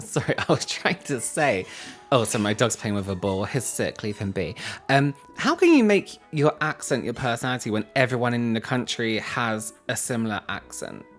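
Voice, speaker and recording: Lively English man reacting to clips. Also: medium pitch. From England. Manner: chatty, quick asides, laughs at himself. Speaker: reaction video host. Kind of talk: casual reaction commentary.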